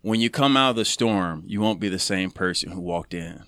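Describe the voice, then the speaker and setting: A man on a podcast telling a personal story in an earnest, casual way, growing animated when he acts out what people said. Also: low voice, moderate pace, no echo, clean studio sound. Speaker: podcast guest.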